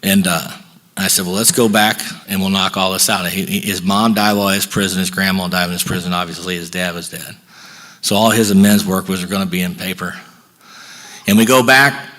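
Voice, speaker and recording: A man's voice: lowish voice, fairly bright tone. A middle-aged man speaking at a recovery workshop, telling a personal story in a folksy way and acting out the back-and-forth dialogue.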